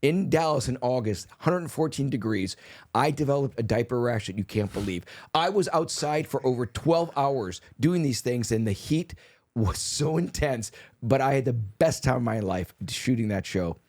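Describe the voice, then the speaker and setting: A man's voice: mid-range voice, lively intonation, normal speed, darkish tone. A man from Wisconsin, co-hosting a podcast and telling rambling, chummy anecdotes. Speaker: co-host. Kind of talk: casual podcast chat.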